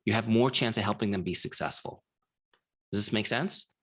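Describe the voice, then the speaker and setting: Middle-aged man, low voice, casual trainer, chatty with lots of "like", keeps checking his listeners follow. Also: normal speed, breathy edge. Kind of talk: live training talk with a story.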